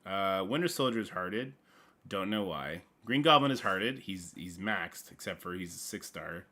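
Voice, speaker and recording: A man hosting a casual gaming livestream, rambling playfully with sudden loud bursts and mumbled asides. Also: sits low, moderate pace.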